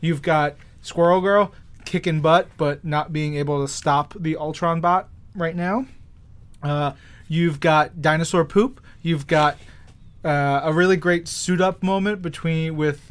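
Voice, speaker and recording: A man's voice: a little high, steady tone, takes it slowly, clean tone. A man with a Long Island or New York accent, co-hosting a podcast and gushing about comics in casual chat. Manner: enthusiastic, gushing. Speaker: podcast co-host.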